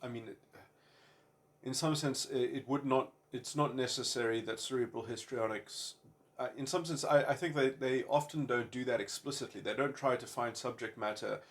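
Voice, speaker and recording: Male commentator in a mid-range voice, solo musing, hesitant and stop-start, wordy and abstract. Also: mid-range voice. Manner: halting, searching for words, many fillers and repeated starts. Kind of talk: unscripted philosophical monologue.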